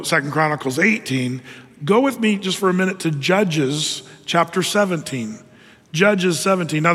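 Animated high-voiced male preacher, reverberant hall. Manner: conversational, animated storytelling with voiced asides. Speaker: pastor. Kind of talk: sermon.

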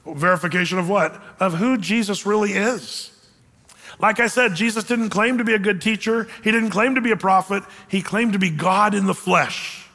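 A man's voice: sits high, normal speed, sharp tone, in a large hall. A man preaching a sermon in an emphatic, conversational way, acting out quotes as he goes. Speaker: pastor.

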